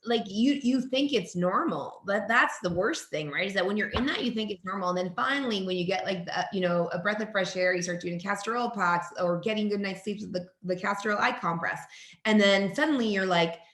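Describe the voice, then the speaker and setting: A woman's voice: medium pitch, a little fast, a bit bright, roomy sound. A woman in her forties, a naturopathic doctor and guest, talking with enthusiasm in an interview and often restarting her sentences. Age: 40s. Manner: enthusiastic, talkative, frequent restarts and laughs. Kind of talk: conversational interview.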